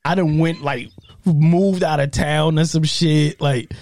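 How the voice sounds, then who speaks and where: A man, co-hosting a podcast. His voice sits a little high and is recorded close and dry. He tells long stories in a loose, profane, easygoing way. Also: fairly even intonation, a little mellow, dry recording. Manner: laid-back, profane street slang, drawn-out telling. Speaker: podcast co-host. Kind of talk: casual storytelling chat.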